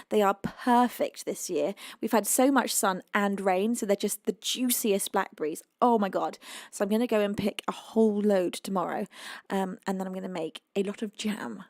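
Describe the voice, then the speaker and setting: A woman's voice: mid-range voice, darkish tone, dry recording, studio quality. A British woman hosting a live music stream, chatting casually with viewers, reading their messages aloud and exclaiming often. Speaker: livestream music host. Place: home.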